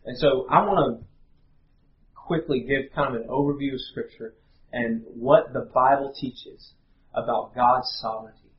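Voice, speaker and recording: A man, preaching a sermon in an earnest, halting way with many fillers. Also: mid-range voice. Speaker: pastor. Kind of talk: sermon with prayer and storytelling. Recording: roomy, slightly dull live recording.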